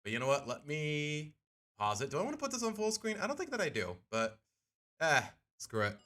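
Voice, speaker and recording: A man's voice: on the high side, wildly swooping pitch, brisk, pushed and bright. A man streamer in casual livestream chat, rambling and often restarting with "you know what".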